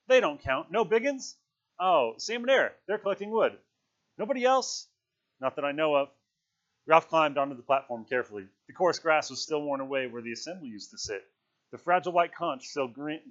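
A man reading a novel aloud to listeners, with measured, expressive storytelling. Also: medium pitch. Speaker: reader. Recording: dull lo-fi recording.

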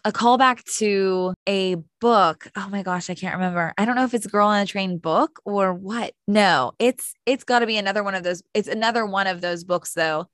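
A woman's voice: mid-range voice, normal speed, few pauses, no echo, studio quality. Chatty woman recapping a show. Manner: animated retelling, acts out characters' lines, lots of "like". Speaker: podcast co-host. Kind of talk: casual chat recapping a TV show.

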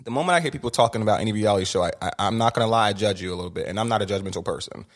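A man chatting as a guest on a podcast, animated and opinionated, often restarting his sentences. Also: fairly low pitch, very fast. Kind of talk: casual podcast conversation.

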